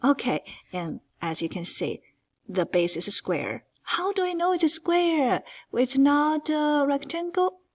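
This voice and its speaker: A woman teaches geometry in English with a non-native accent. She speaks slowly, stretching key words. Her pitch climbs and dips a lot as she stresses each term. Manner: emphatic, stretches key words, lively ups and downs. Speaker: math teacher. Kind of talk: geometry lesson walkthrough.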